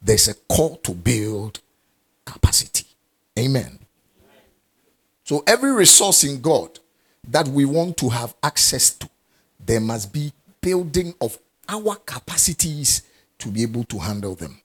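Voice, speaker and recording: Male preacher, husky voice, animated pitch, deliberate emphatic delivery. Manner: emphatic, repeats key phrases, asks the congregation questions. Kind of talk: sermon.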